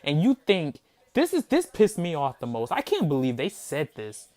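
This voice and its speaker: A man with a slightly high, somewhat mellow voice hosts a sports reaction video at a moderate pace, his pitch swinging hugely. It's an angry fan rant: mocking and disbelieving, heated and profane, with lines repeated for emphasis.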